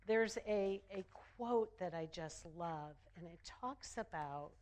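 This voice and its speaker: Woman minister, sermon delivery, slow and deliberate, lowish voice, emphatic repetition. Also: a little mellow. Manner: slow, emphatic, repeats phrases for effect.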